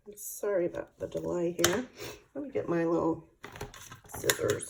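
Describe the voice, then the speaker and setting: Middle-aged woman, casual crafter demo; chatty and gushing, fairly low voice. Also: moderate pace, gravelly, long pauses, background noise. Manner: chatty, gushing, thinks aloud while handling supplies. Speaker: craft product demonstrator. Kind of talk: casual product show-and-tell.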